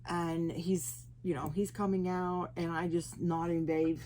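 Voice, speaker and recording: Oklahoma-accented woman, lower voice, halting post-stroke speech, chatty testimony, faint room hum behind. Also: flat delivery, dark tone. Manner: chatty, laughs often. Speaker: interview guest. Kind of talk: personal testimony.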